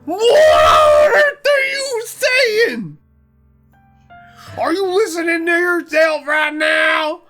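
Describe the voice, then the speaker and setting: A woman voicing an earnest young male student, talking in a loud, melodramatic, exclaiming way. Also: a little high, big pitch swings, measured pace, soft background music, full character voice. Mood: frantic.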